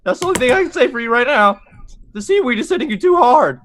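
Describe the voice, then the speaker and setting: A woman's voice: high voice, expressive, fast talker, slight background noise. A woman playing a tabletop role-playing game, chatty and goofy, rambling as she describes her character's actions. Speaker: player.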